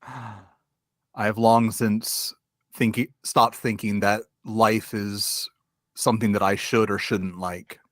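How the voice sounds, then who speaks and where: A man's voice: flat delivery, slow, a bit bright, no echo, studio quality. A man doing a weary, bitter old giant knight. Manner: low sighing mutter, bitter.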